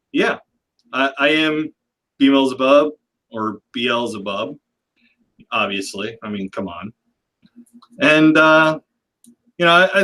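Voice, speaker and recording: A man's voice: medium pitch, bright, forceful tone, low-quality recording. A man hosting a livestream panel in casual chat, talking loosely and rambling with a self-deprecating humor. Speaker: livestream host.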